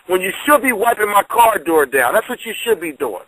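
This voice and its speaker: A man's voice: high-pitched, big pitch swings, brisk, sharp tone, no room sound, poor audio. A man, a battle rapper, in a heated radio argument, confrontational and stammering over his repeats.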